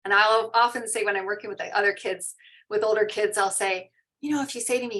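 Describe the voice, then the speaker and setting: A woman teaching mindfulness in an online session, guiding a meditation and then reading out and answering participants' shares in a soft, slow, soothing way. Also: medium pitch, steady tone. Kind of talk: guided meditation and parent info session. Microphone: online video call.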